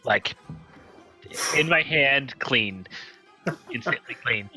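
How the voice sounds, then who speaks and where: Man, tabletop player, crisp bright tone, casual chat, faint music. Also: mid-range voice, takes it slowly.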